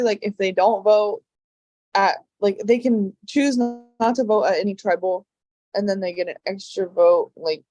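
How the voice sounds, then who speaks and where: A woman's voice: medium pitch, warm tone, no echo. A young woman, a game contestant, talking in a hesitant confessional with many fillers. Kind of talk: casual confessional interview.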